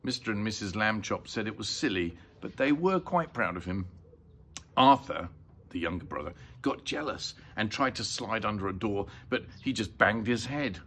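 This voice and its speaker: An older man reading a children's book aloud in an expressive, lilting way. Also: lowish voice, moderate pace, husky. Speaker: storyteller.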